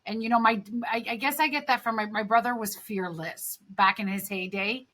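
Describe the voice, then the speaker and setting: A woman's voice: a little high, moderate pace, pushed and bright. A woman hosting a podcast, chatting frankly and swearing casually. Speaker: podcast host.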